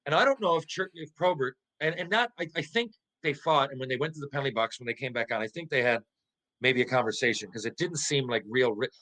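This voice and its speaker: A man's voice: fast, low-quality recording. A middle-aged man tells a rambling, salty story in an easy podcast chat. His voice sits in an ordinary middle range, and he stumbles and restarts as he goes. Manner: lively, profane, stumbling restarts, jumps into high voices for quotes. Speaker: podcast guest, former pro hockey player. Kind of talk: casual storytelling anecdote.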